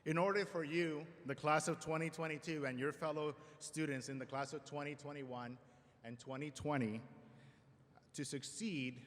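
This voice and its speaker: A man giving a formal convocation address at a school ceremony, measured with light self-deprecating humor, speaking at a podium microphone. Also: a little high, fairly even intonation, a bit bright. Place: large auditorium. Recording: long hall reverb in a large auditorium.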